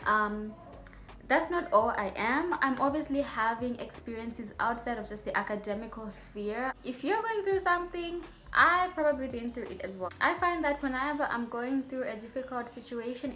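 A woman's voice: fairly high pitch, lively intonation, normal speed, sharp tone, slight background noise. A young adult woman, a medical student vlogger, talking to her viewers in a chatty, rambling way with playful asides. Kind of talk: casual vlog talk to viewers.

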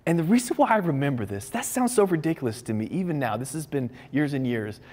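A man's voice: fairly high pitch, sing-song, fast, a little mellow. A man preaching a sermon as a pastor, talking conversationally and telling personal stories with frequent restarts. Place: church stage with large crowd. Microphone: stage microphone. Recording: long hall reverb.

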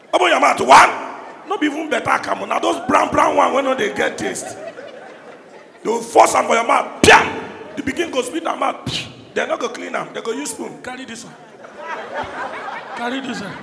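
A man doing stand-up in Nigerian Pidgin, his voice pitched high and rough with fry. He shouts his punchlines across a large, reverberant hall. A crowd laughs and cheers behind him. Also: animated, moderate pace, pauses often. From Anambra State, Nigeria. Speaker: stand-up comedian. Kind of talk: stand-up comedy. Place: live comedy show in a large hall. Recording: echoey hall, crowd noise.

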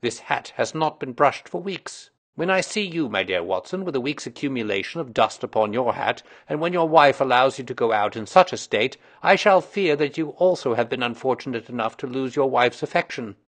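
A man's voice: medium pitch, animated, a little fast, hardly any pauses, fairly bright tone. A man voicing a precise, lecturing Victorian detective. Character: brilliant, self-assured Victorian male detective.

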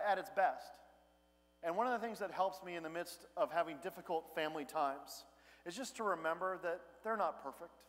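A man's voice: fairly high pitch, a bit bright. A man in his thirties, a pastor giving a conversational sermon with personal stories and self-deprecating humor. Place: large church sanctuary. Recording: long church hall reverb.

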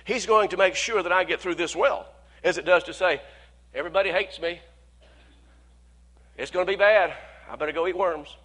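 A male pastor preaching a sermon in a conversational way, often repeating words, speeding up for quoted worries and slowing to stress key points. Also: high voice, sharp tone.

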